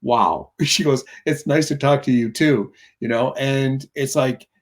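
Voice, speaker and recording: A man's voice: mid-range voice, fairly even intonation, measured pace. Earnest rambling man telling stories. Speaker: guest. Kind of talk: conversational storytelling.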